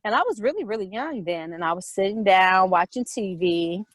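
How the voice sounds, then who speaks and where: A middle-aged woman casually telling a personal story, animated, with quick repetitive retelling. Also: medium pitch, no echo, poor audio.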